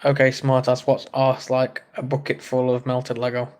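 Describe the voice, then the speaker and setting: A man's voice: mid-range voice, completely flat delivery, normal speed, a little mellow. Chatty English man hosting a livestream. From England. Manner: chatty, joking, reacts to chat messages. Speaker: livestream host. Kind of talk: casual live chat reading comments.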